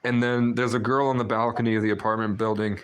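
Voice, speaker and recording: A man's voice: on the low side, flat delivery, fast talker, clean tone. A man hosting a live stream, telling a long story in a rambling, talkative way full of fillers. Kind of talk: casual storytelling chat.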